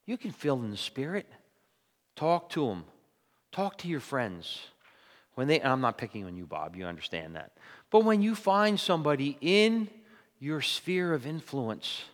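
A middle-aged man preaching a sermon, telling stories in a conversational way that climbs to loud, emphatic peaks. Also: a little high. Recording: long hall reverb.

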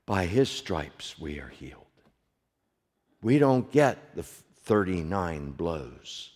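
Older male pastor, unhurried sermon delivery, rhetorical questions to the pews, echoing church hall. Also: deep voice, very animated. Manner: asks the congregation rhetorical questions, swings between loud and hushed. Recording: long hall reverb.

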